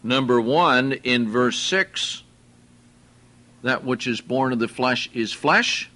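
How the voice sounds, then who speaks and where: A man preaching a sermon, teaching verse by verse in a slow, deliberate way and putting questions to his listeners. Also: medium pitch, sharp tone. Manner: slow, deliberate, explains Greek words and asks the listeners questions.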